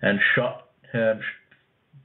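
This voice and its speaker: A man with a lowish voice co-hosts a casual anime chat, rambling and hesitant, sprinkling in fillers and curses. The sound is thin and narrow, as if heard over a telephone. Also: little pitch movement, drawn-out words. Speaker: podcast co-host. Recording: tinny phone-like line.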